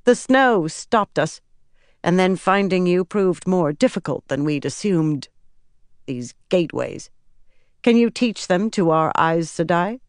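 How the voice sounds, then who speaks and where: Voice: medium pitch, expressive, measured pace, clear, resonant tone, no echo, pitched above the performer's own voice. Brief: haughty sovereign, clipped and proud, dry studio read, voiced by an audiobook narrator. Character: proud, sharp-tongued queen.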